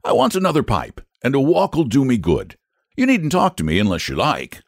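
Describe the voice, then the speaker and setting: A man's voice: medium pitch, wildly swooping pitch, normal speed, gravelly, no echo, studio quality, voice pushed up, exaggerated voice. A man voicing a kindly, cheerful circus man in a storybook reading, speaking in a genial, hospitable way. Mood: easygoing.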